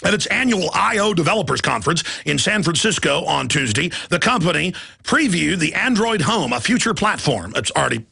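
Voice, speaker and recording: A man with a high, gravelly voice rants on a talk show. He sounds angry and mocking, and his tone is forceful and raspy. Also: sing-song, brisk. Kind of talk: ranting talk-show monologue.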